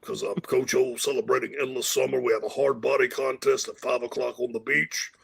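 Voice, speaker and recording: A man doing an impression of a brash, boastful football coach, speaking low and gravelly. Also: little pitch movement, brisk, a bit bright, full character voice. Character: rowdy swaggering male football coach impression.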